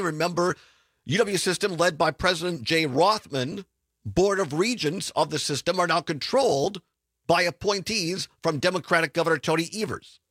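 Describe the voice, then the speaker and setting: Hosting a political talk radio show in a studio, a man tells stories in a chatty, sarcastic and animated way. His voice is a little high, with no room sound.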